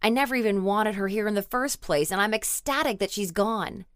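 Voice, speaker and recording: A woman's voice: medium pitch, a little fast, smooth, no room sound, studio quality, close to an everyday voice. Devoted older lover, tender and pleading, read by the woman narrating the audiobook. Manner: pleading, then tender and reminiscing. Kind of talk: audiobook character reading.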